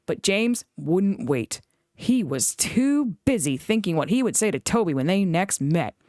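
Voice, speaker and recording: A woman reading a children's book aloud in an expressive storytelling voice. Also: fairly low pitch, unhurried, dry recording, clean studio sound. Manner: expressive, animated read-aloud.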